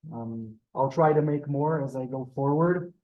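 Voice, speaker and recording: A man's voice: medium pitch, unhurried, narrow, tinny audio. A man teaching a live beginner Hebrew class in a synagogue classroom, polite and chatty, often calling students "sir". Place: synagogue classroom, also streamed on Zoom.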